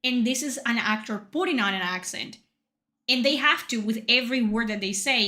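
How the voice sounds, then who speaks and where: Spanish-accented woman streamer, high bright voice, sarcastic swearing rant over gameplay. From Spain. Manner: sarcastic, profane, exasperated. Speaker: streamer reviewing a video game. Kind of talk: ranting game commentary.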